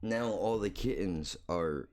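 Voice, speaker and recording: Deep-voiced, crude, blunt-talking man. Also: slow, a little mellow, slight background noise. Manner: blunt, crude, rambling with restarts. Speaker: podcast host. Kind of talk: casual profane storytelling.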